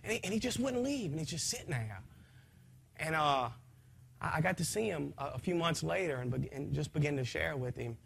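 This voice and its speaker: A man giving an impassioned spoken testimony to a gathering in a folksy, rambling way, his voice swinging from soft to loud. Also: a little high, expressive, a little fast, gravelly, a little hiss or hum. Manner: folksy, rambling, with frequent restarts.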